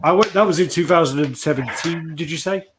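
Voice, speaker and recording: A man's voice: a little high, fairly quick, noisy background. A man casually telling an anecdote, swearing freely and acting out the voices of the people in it. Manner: swears often, acts out quoted voices. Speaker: show co-host. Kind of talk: casual storytelling chat.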